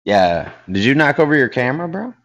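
A man co-hosting a casual podcast over a video call, teasing his friend and telling animated stories from his comedy gigs. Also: mid-range voice, fairly quick. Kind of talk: casual banter.

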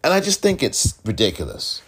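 A man's voice: mid-range voice, huge pitch swings, moderate pace, husky. A man hosting a solo political podcast, talking in an emphatic, exasperated way and repeating points for stress. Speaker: podcast host.

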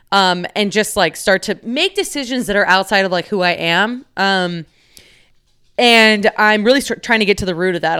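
A woman's voice: on the low side, a bit bright, clear, resonant tone. Candid, swearing young woman podcaster. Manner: candid, rambling, swears freely, lots of fillers. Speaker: podcast host. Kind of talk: casual solo podcast monologue.

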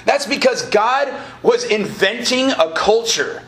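Preaching a live sermon to college students, a college ministry director speaks in an extremely high, expressive, fairly bright voice at a slow pace. He keeps it conversational, cracks jokes, and prompts call-and-response from the crowd. The roomy lecture hall or auditorium carries faint ambient noise.

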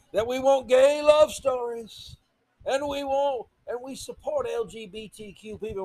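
Man putting on a shrill flamboyant actor, preachy, mocking, high, drawn out, dry close mic. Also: creaky, no room sound, full character voice, low-quality recording.

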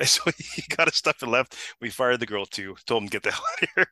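A middle-aged man spins a funny story in casual chat, his voice bright and forceful. He is animated and laughs often, acting out the people he talks about. The sound is dry and close. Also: medium pitch, quick pace, few pauses, dry recording.

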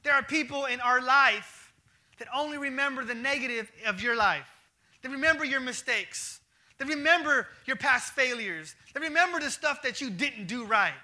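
A man preaching a sermon as pastor in an animated, slangy, conversational manner. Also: very high-pitched, normal speed.

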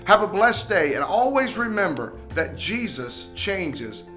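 A man reading a scripted church podcast outro in a steady, upbeat way. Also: high-pitched, measured pace, soft background music. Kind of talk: scripted announcement.

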